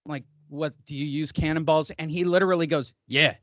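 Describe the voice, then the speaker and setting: A middle-aged man hosts a loose, joking podcast with a fairly high voice, telling rambling stories and teasing his co-hosts. The sound is dry and close but a little dull and muffled. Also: fairly even intonation, fairly quick, a bit bright, dry recording. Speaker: podcast host. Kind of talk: casual banter podcast.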